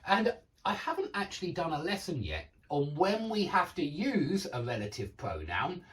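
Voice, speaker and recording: A man's voice: fairly high pitch, huge pitch swings, normal speed, a bit bright. A man teaching an online grammar lesson, explaining patiently and often checking in with his students. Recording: slightly distant mic.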